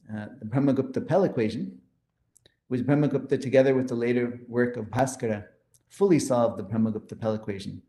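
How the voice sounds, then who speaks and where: Man giving a mellow, echoey math lecture. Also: mid-range voice. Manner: explanatory, enthusiastic, pointing to slides.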